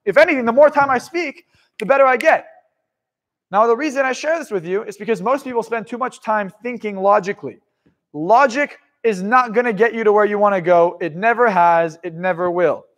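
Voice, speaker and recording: High-pitched male motivational speaker, profane, loud-to-quiet swings, live seminar. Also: brisk.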